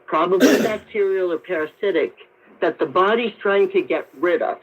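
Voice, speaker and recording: A woman doctor, a guest on a radio call-in show, who explains her points in a measured way. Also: on the low side. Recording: tinny narrow-band radio broadcast.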